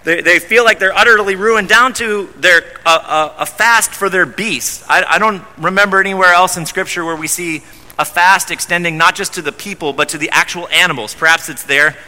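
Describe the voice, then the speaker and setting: A male pastor delivers a sermon in a high, very bright voice, pressing his points with emphasis and often restarting his phrases. His voice rings out in a church hall with a long reverb trailing behind it. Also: normal speed. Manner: emphatic, repeats words when starting phrases.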